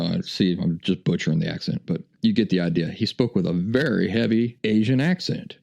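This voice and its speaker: A middle-aged man speaks in a low, gravelly voice with plenty of vocal fry. He tells his story in a folksy, chuckling way, as a podcast host chatting to listeners. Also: fairly quick, few pauses, a little mellow. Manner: folksy, chuckling anecdotal delivery. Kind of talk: casual storytelling.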